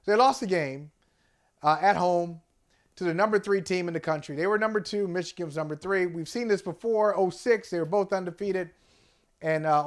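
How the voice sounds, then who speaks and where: High-voiced, emotional man talking sports. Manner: emotional, animated, laughs often. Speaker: co-host. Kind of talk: casual sports talk.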